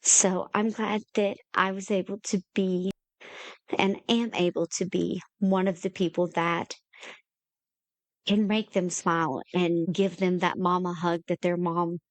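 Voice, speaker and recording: Woman, low voice, dry close sound, heartfelt, candid interview guest. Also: flat delivery, measured pace, no echo. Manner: earnest, heartfelt, storytelling. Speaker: guest, independent creator.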